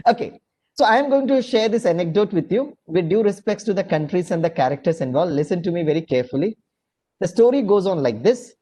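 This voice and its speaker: A man with an Indian English accent giving an online lecture, telling a story and dropping into low asides. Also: fairly quick. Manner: animated, drops to low asides, mixes Hindi phrases. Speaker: guest lecturer. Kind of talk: online lecture with a told anecdote.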